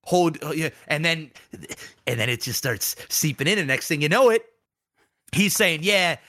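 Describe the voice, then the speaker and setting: A man co-hosting a casual podcast, telling stories with animated swings and profane acted-out quotes. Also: normal speed. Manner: animated storytelling, acting out quoted people in bursts of pitch, profane. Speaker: podcast co-host.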